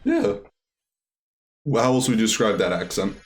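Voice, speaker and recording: A man's voice: on the low side, quick pace, soft background music. A man chatting casually while playing a video game, thinking aloud with many fillers. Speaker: let's play streamer. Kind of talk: casual gameplay chat.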